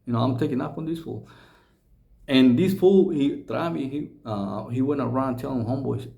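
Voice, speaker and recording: A man's voice: medium pitch, normal speed, gravelly, dark tone. A middle-aged man telling a rambling, casual story full of slang, swearing and restarts. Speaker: storyteller recounting prison life.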